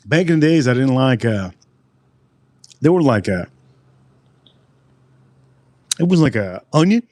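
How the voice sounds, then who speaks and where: A man's voice: mid-range voice, big pitch swings, moderate pace, darkish tone, no room sound. A man rambling through a casual live-stream food review, repeating himself and answering his chat. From United States.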